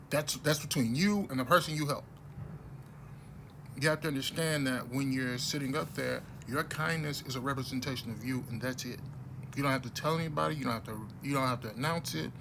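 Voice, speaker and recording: A man talking bluntly and casually to camera in a rambling monologue, with many restarts, growing louder and heated at times. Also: medium pitch, normal speed, gravelly, background noise. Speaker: vlogger.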